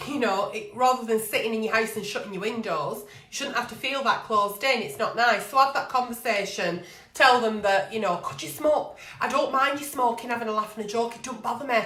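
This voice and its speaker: A woman's voice: a little high, sharp tone, roomy sound. A woman hosting a live advice show, talking bluntly and swearing freely. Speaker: agony aunt show host. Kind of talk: live-streamed advice chat.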